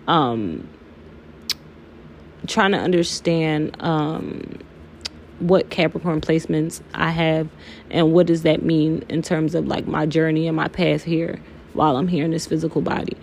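A young woman hosts her own podcast, talking candidly and emotionally and peppering her speech with swearing and y'all. Her voice sits a little low and has a gravelly fry to it. Faint noise hums behind her. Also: steady tone, a little slow, darkish tone. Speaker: podcast host. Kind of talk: candid personal podcast monologue.

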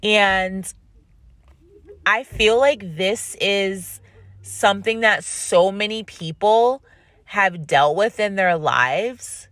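A woman host telling a story in a casual, animated way, rambling with frequent restarts. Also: mid-range voice, drawn-out words, no room sound.

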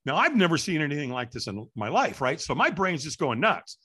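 A middle-aged man, a guest in an interview, telling a story with energy and acting out the voices and shouts of the people in it. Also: fairly high pitch, fairly quick, breathy edge. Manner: lively, acts out quoted voices and shouts. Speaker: interview guest, firewalk instructor.

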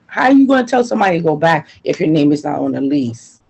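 A woman's voice: low voice, very animated, fast, vocal fry, hardly any pauses, darkish tone, husky, rough recording. A woman being interviewed, talking in an emphatic, frustrated way and repeating her points. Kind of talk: personal testimony interview.

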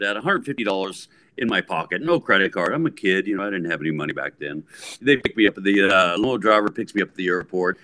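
Middle-aged man, lowish voice, bright, rambling storyteller, casual interview. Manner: animated, rambling storyteller with many restarts. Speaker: guest musician.

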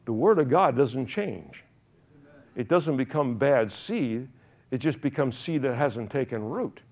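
A man's voice: mid-range voice, expressive, a little slow, a little mellow. A man preaching a sermon, rambling and correcting himself, then building to fervent emphasis.

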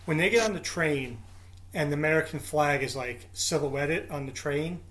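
Man, somewhat high voice, enthusiastic, sentimental, casual movie talk. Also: moderate pace, fairly bright tone. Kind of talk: casual chat about movies.

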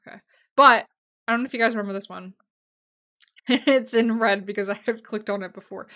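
A woman's voice: medium pitch, quick pace. Gushing young woman podcast host. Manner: gushing, emotional, swings between loud excitement and quiet asides. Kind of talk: casual solo podcast chat.

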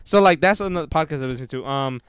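A man's voice: a little high, quick pace, fairly bright tone, clear, resonant tone, no room sound. Profane, rambling young man. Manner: profane, rambling retelling of a book. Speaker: podcast co-host. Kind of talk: casual chat.

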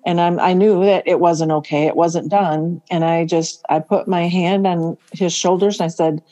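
A middle-aged woman co-hosting a faith podcast, chatting casually, laughing often and slowing down to stress words. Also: on the low side, steady tone, dark tone. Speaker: podcast co-host.

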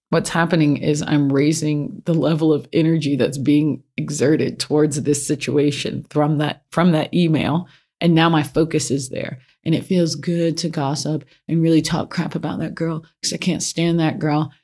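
A frank self-help speaker talking casually in a middle-pitched voice. They speak plainly from personal experience and hammer home key points by repeating them. The delivery is relaxed and conversational, not scripted. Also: moderate pace. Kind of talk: casual advice talk.

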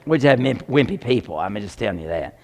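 A man preaching a sermon, animated and joking as he talks straight to the congregation. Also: fairly low pitch, fast, vocal fry.

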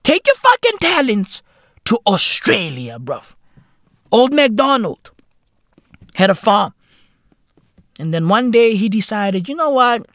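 A man's voice: high voice, huge pitch swings, slow, pauses often, a bit bright, no room sound, clean studio sound. A man hosting a profane satirical comedy monologue, sarcastic and drawling, slipping into asides. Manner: drawling, sarcastic, heavy swearing, drops to whispers. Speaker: comedy podcast host.

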